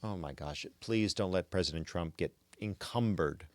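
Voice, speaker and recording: Male podcast host, low voice, opinionated and chatty, dry close sound. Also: moderate pace, no room sound. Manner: opinionated, stammers on restarts. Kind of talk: casual chat.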